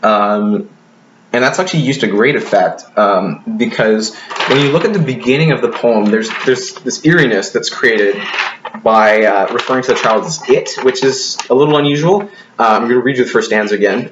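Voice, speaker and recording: A man's voice: medium pitch, normal speed, echoey room, muffled recording, noisy background. A man teaching a recorded poetry lesson, talking hesitantly with many ums and restarts, and now and then apologizing. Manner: apologetic asides.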